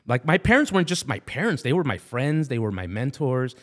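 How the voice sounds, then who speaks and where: A man's voice: medium pitch, brisk. A man in his forties with a Southern California Latino accent, telling family stories as a podcast guest, acting out relatives' voices and slipping into Spanish. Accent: Southern California Latino English. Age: 40s. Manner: animated, acts out family voices, switches into Spanish. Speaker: podcast guest, Army veteran. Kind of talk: casual storytelling interview.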